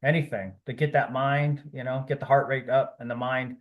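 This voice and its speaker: A man's voice: mid-range voice, fairly even intonation, normal speed, lo-fi sound. A man talking as a podcast guest, rambling and encouraging, with many fillers and restarts. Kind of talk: casual interview talk.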